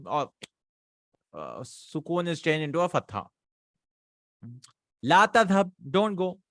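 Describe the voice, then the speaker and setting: Male grammar teacher, slightly high voice, patient, dry close recording. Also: huge pitch swings, a little slow, no room sound. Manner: explains patiently, mixing English and Arabic, checks with "hmm?" and "right?". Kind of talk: online grammar lesson.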